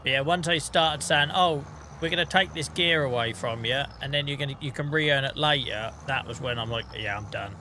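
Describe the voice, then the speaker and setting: Man, streamer, bright voice, rambling casual chat, faint background noise. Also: fairly high pitch, normal speed. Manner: rambling, self-deprecating, swears casually.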